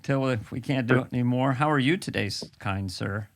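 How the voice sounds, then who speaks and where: A man's voice: medium pitch, fairly quick. A man hosting a podcast in casual, joking chat, laughing often. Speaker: podcast host.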